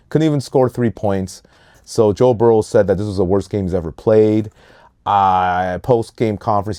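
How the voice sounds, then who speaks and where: A low, mellow male voice hosting a laid-back sports podcast. He rattles off opinions with lively emphasis and drags out names to make a point. The sound is dry and close, with no room around it. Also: dry recording. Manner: animated hot takes, calls out names and leans on words. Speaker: podcast host. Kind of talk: casual sports podcast chat.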